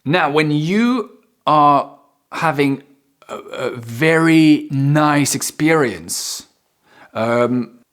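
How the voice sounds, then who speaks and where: A man teaching English vocabulary, repeating and stretching key words for emphasis in a playful, expressive way. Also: a little high, extremely slow. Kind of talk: vocabulary lesson.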